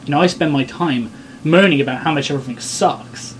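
A man's voice: fairly high pitch, a little fast, a little hiss or hum. Blunt, sarcastic man hosting. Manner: sarcastic, blunt, swears freely. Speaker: podcast host. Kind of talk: casual banter.

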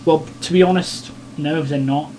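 A man hosting a podcast with a slightly higher voice, blunt and sarcastic as he banters and swears freely. There is a faint noise behind him. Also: fairly even intonation, normal speed, warm tone. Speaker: podcast host. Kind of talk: casual banter.

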